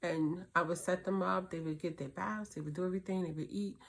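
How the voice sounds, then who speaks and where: Lively single mom telling her story. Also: lowish voice, fairly quick. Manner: animated storyteller, acts out her kids' and her own voices. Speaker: host. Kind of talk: casual advice talk.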